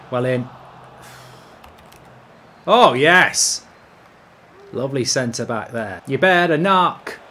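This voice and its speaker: Excitable sweary man gaming. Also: a little high, slight background noise. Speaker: gaming streamer. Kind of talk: live gameplay commentary.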